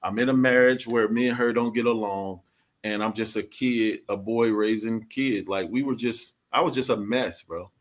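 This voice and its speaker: On a podcast, a man with a low-leaning voice and normal pace gives a frank personal testimony. He sounds sincere and confessional, using casual slang.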